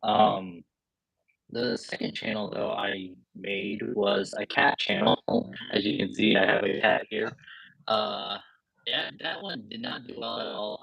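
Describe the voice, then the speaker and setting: Young man, laid-back storyteller, lowish voice, dry muffled call audio. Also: animated, a little slow, creaky, husky, no echo. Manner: laid-back, frequent uh fillers, quotes himself. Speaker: guest, credit card YouTuber. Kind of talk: casual storytelling in an interview. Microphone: video call. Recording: dull lo-fi video call audio.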